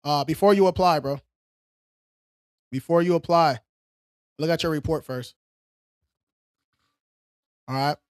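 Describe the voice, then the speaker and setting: A credit repair livestream host reads viewers' questions aloud and answers them in a casual, streetwise way. His voice is a little high, a little mellow and smooth, and he speaks a bit slowly with frequent pauses. The recording is studio quality with no room sound.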